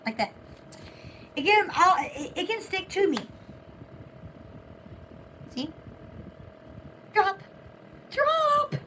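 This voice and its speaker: Giggly high-voiced woman livestream host. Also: expressive, takes it slowly, pauses often, bright, forceful tone, a little hiss or hum. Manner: giggly and playful. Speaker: live sale host. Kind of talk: casual livestream chat.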